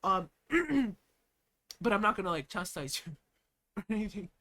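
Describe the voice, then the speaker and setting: A man's voice: high-pitched, animated, unhurried, bright, forceful tone. A young American man chatting on a live stream, giggling often and rambling with plenty of fillers. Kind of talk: casual live-stream reaction chat.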